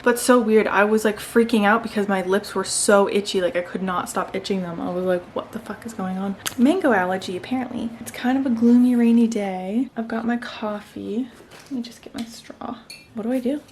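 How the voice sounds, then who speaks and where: A woman's voice: mid-range voice, fairly quick, hardly any pauses, a little mellow. Young woman, new mom, casual talking vlog, rambling and chatty, filmed at home on a camera mic, faint background hiss. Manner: chatty, rambling, filler-heavy. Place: at home indoors. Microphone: camera-mounted mic.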